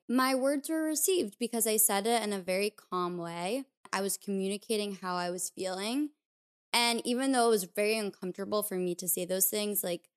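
Smooth-voiced woman sharing personal reflections. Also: mid-range voice, normal speed. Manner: candid, confessional, uses filler "like". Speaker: podcast host. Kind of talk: personal reflective podcast talk.

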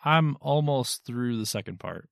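A man's voice: medium pitch, animated, a little slow, vocal fry, fairly bright tone, no room sound, clean studio sound. A man co-hosting a podcast, tossing in short jokey quips during casual chat. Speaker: podcast co-host.

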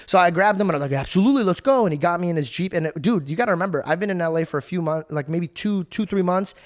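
A young podcast host with a high-sitting voice races through a story, excitable and casual, swearing freely and acting out the voices of the people he quotes.

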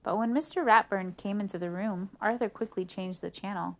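A woman reading a children's picture book aloud with an animated delivery, lifting her voice for the characters' lines. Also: mid-range voice, moderate pace, hardly any pauses. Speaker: storybook reader.

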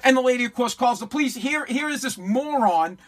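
A man from Boston with a very high-pitched, animated voice talks a little fast while hosting his own podcast. In this solo rant he's blunt, mocking and profane.

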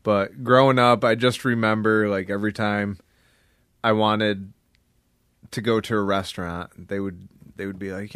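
A man's voice: lowish voice, moderate pace, smooth, dry recording. A young man co-hosting a casual podcast, joking and swearing freely as he tells stories. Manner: profane, joking, animated storytelling. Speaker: podcast co-host. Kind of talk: casual chat.

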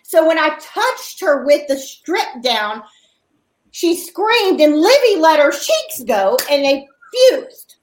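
A woman on a podcast, telling a story with animated swings of pitch. Her voice sits high, and the room adds a noticeable echo. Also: slow pace, a little hiss or hum. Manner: lively storyteller, acts out quotes with loud squeals. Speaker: podcast guest. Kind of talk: casual chat, storytelling.

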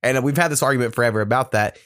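A man's voice: medium pitch, very fast, a bit bright, dry recording, studio quality. Profane, rambling male podcast host. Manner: loose, profane storytelling with many fillers. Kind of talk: casual podcast chat.

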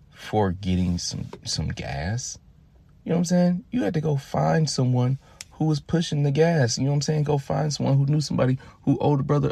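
Podcast host, man, 30s, from Louisiana; gravelly, profane, animated storyteller, dry close recording. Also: medium pitch, no room sound. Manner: profane, animated, addresses listeners directly. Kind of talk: casual storytelling monologue.

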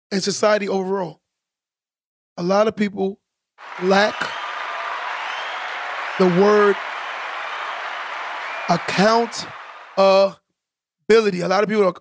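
A man's voice: high-pitched, creaky, no room sound, clean studio sound. A man co-hosting a casual podcast, talking emphatically and preachily, repeating points for stress. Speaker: podcast co-host.

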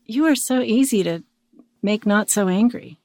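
A woman hosting and coaching, animated and stammering as she plays a wife in a role-play and gives advice. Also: mid-range voice, moderate pace. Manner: stammering, animated, often restarting her words. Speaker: host and relationship coach.

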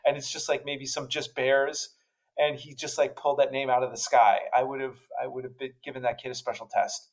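A man's voice: medium pitch, level tone, brisk, rough recording. A man from the Netherlands co-hosting a podcast, telling a story in casual chat with many restarts and fillers. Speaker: podcast co-host.

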